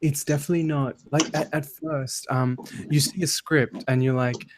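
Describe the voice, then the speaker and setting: A man's voice: medium pitch, steady tone, moderate pace, few pauses, background noise. A man who is a voice actor chats with a group in an enthusiastic, easily amused way. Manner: enthusiastic, laughs often. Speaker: voice actor guest. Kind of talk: casual group chat on a live stream.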